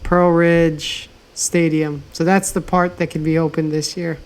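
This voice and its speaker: A man's voice: a little high, level tone, measured pace. A laid-back man co-hosting a casual podcast chat. He talks in an easygoing way and swears casually as he goes. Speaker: podcast co-host.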